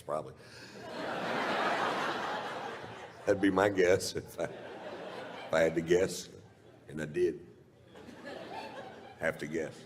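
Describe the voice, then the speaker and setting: A man's voice: very deep voice, long reverb tail, background noise. A male stand-up comedian telling a long story, rambling and profane, often chuckling at his own lines.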